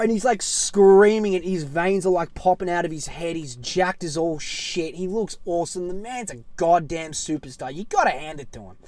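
A man rants on his podcast in an excitable, foul-mouthed way, jumping between loud outbursts and low mutters. His voice sits a little high for a man. The sound is dry and close, with no room around it. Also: normal speed, no echo. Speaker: podcast host. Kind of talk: casual solo podcast rant.

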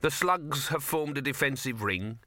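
A dry, sarcastic diner poking fun at his food, as a man puts him on. Bright tone, dry close sound. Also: mid-range voice, animated, measured pace, no room sound, voice pushed up. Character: sardonic male diner in a queue.

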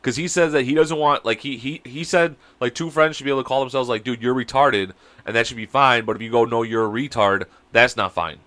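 A young man co-hosting a casual podcast over a video call, sick with a cold, telling animated stories and breaking into high laughter. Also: a little fast, hardly any pauses. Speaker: podcast co-host. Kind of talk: casual chat.

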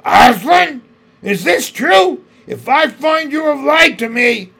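A man voicing a cruel, imperious witch queen who shouts her words slowly and menacingly. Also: very high voice, lively intonation, creaky, pitched above the performer's own voice, heavily acted. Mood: cold fury.

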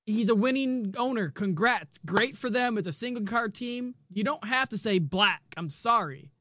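A man's voice: high voice, lively intonation, moderate pace, background noise. A man co-hosting a racing podcast in casual chat, blunt and rambling, swearing freely. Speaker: podcast co-host.

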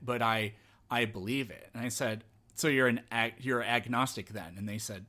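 A man chatting as a podcast guest, thoughtful and calm, often restarting his sentences. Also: medium pitch, normal speed. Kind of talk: casual conversation.

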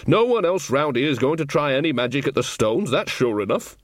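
A man's voice: medium pitch, big pitch swings, brisk, dry recording, clean studio sound, pitched above the performer's own voice. A man voicing a cheerful, gossipy old woman witch in an audiobook, chatty and teasing. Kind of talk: audiobook reading.

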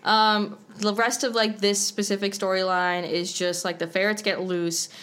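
A woman's voice: medium pitch, normal speed, clear, resonant tone. A woman co-hosting a casual podcast, chatting animatedly and finishing her partner's thoughts. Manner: chatty, animated quoting, fills in partner's points. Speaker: podcast co-host. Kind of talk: casual recap chat.

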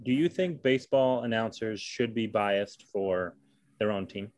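A man's voice: on the low side, a little slow, a little mellow, no echo. A man hosting a podcast, chatting casually about baseball and teasingly quizzing his co-host. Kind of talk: casual sports chat.

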